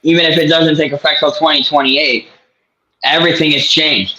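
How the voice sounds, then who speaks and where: Emphatic man with a bright edge. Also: a little high, fairly even intonation, normal speed, reverberant. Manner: emphatic, repeats his points. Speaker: sports talk co-host. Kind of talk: casual chat. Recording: dull lo-fi audio.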